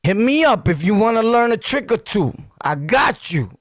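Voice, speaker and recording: A man's voice: high-pitched, very animated, normal speed, dry recording, clean studio sound. A middle-aged man from Brooklyn with a New York accent, telling street stories to the camera in slang, acting out scenes with yelps and sound effects. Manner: slangy, laughing, talks straight to viewers. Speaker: storytelling vlogger. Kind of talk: animated street storytelling.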